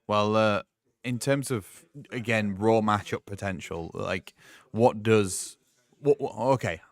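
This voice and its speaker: A man's voice: lowish voice, dry recording. Chatty Englishman commentating a tabletop game. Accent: English, northern mix. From England. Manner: chatty, self-deprecating, quick to laugh. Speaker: tournament commentator.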